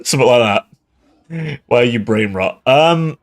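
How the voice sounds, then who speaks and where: Tipsy male game streamer, sweary, animated in pitch, casual chat. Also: a little slow. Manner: swears a lot and laughs often. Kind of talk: casual gaming livestream commentary.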